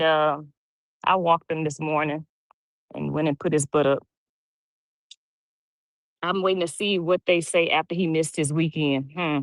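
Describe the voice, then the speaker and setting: A middle-aged woman from Louisiana, with a fairly low voice and a Louisiana twang, hosts a casual livestream from home. Recorded dry, she reads comments and gossips with a laugh.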